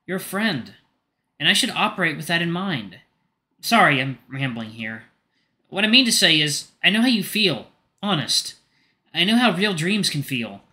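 Man voicing a gentle caring dog doctor. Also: sits high, voice pushed up, exaggerated voice. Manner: earnest, apologetic, reassuring.

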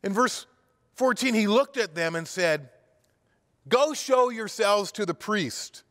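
High-voiced man preaching in a reverberant church. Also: expressive, slow pace, a bit bright. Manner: vivid retelling with acted-out cries and frequent restarts. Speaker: pastor. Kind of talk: sermon storytelling.

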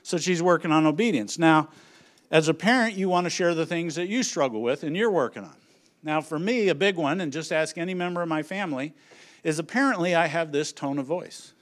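A middle-aged man speaking on a conference stage, telling family stories as an animated storyteller who acts out his family's lines. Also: fairly high pitch, fairly quick. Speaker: conference speaker on children's ministry. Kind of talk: humorous presentation to an audience.

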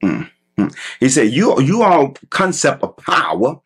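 A man preaching a sermon as pastor, stretching out emphatic phrases with a husky voice. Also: medium pitch, wildly swooping pitch, measured pace.

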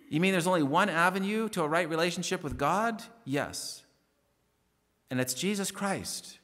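Male preacher, fervent and deliberate, reads verses slowly, voice a bit high. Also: fairly bright tone, long reverb tail. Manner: earnest preaching, rising emphatic stresses, slows to read verses. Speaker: pastor. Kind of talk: radio sermon.

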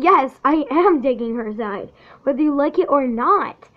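A woman's voice: sits high, lively intonation, measured pace, a little hiss or hum. A woman filming a heated, defiant rant to camera for her channel, speaking with hard emphasis. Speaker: channel owner. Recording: dull lo-fi audio.

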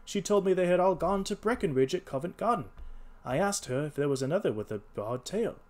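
A desperate young thief, trembling and begging for mercy, as a man reads him aloud. His voice rides up high and swings wildly with every plea. He sounds frantic and broken. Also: animated, a little fast. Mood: confessing. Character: frightened young male hotel thief, pleading. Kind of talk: read-aloud character voice.

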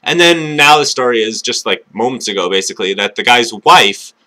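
A man talking casually to camera, alone indoors, swearing often and trying to speak up from a quiet mumble. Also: mid-range voice, brisk. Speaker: vlogger.

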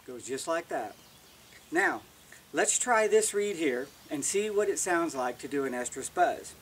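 A man's voice: fairly high pitch, animated, measured pace, distant mic, background noise. A man giving a casual, plain-spoken how-to demonstration as an elk-calling instructor, often restarting words.

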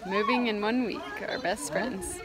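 A woman's voice: mid-range voice, unhurried, crowd noise, background noise. A woman in her thirties hosting a family vlog, bubbly and affectionate, slipping in French words. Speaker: mother and vlog host. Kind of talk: casual family vlog narration.

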